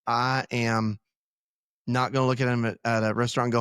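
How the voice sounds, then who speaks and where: A male pastor chats on a church podcast, frank and a bit rambling, with easy self-deprecating humor. His voice sits at a middle pitch. The sound is close and dry, with no room echo. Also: level tone, fairly quick, a bit bright, clear, resonant tone. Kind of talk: casual podcast conversation.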